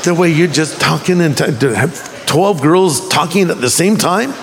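A pastor with a notably high voice delivers a sermon, rising and dropping his pitch for emphasis and slowing down on key words. The sound carries the long reverb of a large hall. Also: lively intonation. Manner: preaching with emphatic swings in pitch.

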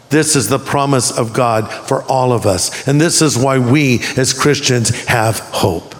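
A man preaching a sermon as a pastor, with emphatic swings in pitch and deliberate slowdowns for emphasis. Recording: long hall reverb.

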